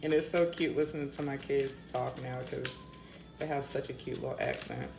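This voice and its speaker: Chatty tarot reader, woman with a slight Maryland accent; deep voice, swears freely, roomy echo. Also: fairly even intonation, normal speed, creaky, noisy background. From Denver. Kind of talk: casual tarot reading.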